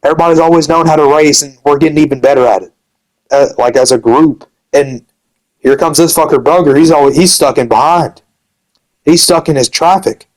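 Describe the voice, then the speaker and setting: Fairly high-pitched and a little fast, the young man comes through on a low-quality recording. His angry rant targets someone from his gaming community, thick with profanity and the word "dude" over and over.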